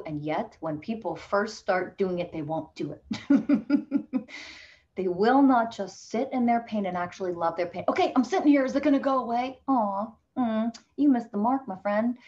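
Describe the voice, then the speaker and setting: A woman's voice: medium pitch, a little mellow, lo-fi sound. A woman coach speaking as a podcast guest, emphatic and motivational, growing impassioned as she makes her points. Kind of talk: podcast interview.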